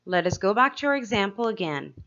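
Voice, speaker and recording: A woman teacher giving a slow, clear grammar lesson to young pupils, asking them questions as she explains each step. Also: mid-range voice, very animated, fairly bright tone, muffled recording. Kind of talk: grade-school grammar lesson.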